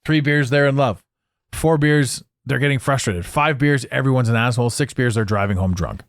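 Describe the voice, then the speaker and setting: A man's voice: medium pitch, moderate pace, no echo, clean studio sound. A man hosting a podcast, talking in a blunt, profane, casual monologue. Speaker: podcast host.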